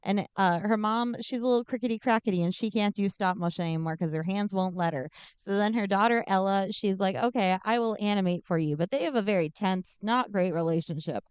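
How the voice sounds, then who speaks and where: A woman's voice: medium pitch, brisk, few pauses, clean tone, dry recording, lo-fi sound. A woman podcast co-host recapping a movie plot in a casual, joking, sarcastic way. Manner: joking, sarcastic, animated storytelling.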